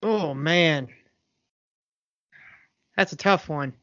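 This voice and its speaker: A man co-hosts a casual podcast, tossing in quick self-mocking jokes. His voice is bright and edgy, a bit off-mic and slightly muffled. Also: on the high side, dry recording. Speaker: podcast co-host.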